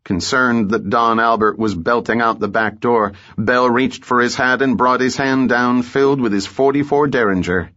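A man narrating a story in a measured, even way, in a muffled audiobook recording. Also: mid-range voice. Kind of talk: scripted narration.

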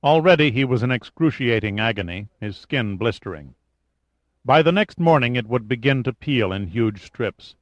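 A man reading an audiobook in a measured storytelling manner, in a dull lo-fi recording. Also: mid-range voice, animated, no room sound. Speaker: audiobook narrator. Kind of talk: scripted narration.

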